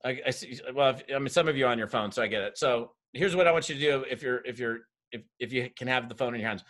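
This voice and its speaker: A mid-range male voice moves at a quick pace as he coaches network marketers on a video call. He's energetic and direct, speaking right to the group.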